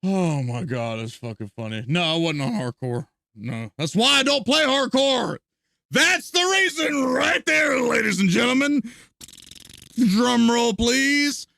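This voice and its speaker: Male game streamer, high and gravelly voice, profane animated rants, dry close sound. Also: a little slow, no room sound. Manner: profane, animated ranting with frequent laughs. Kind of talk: live gameplay commentary and ranting.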